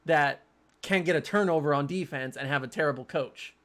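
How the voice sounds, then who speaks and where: A man hosting a casual sports podcast. His voice sits a bit higher than most men's. He talks in animated, quick bursts and often restarts his sentences as he thinks aloud. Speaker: podcast host.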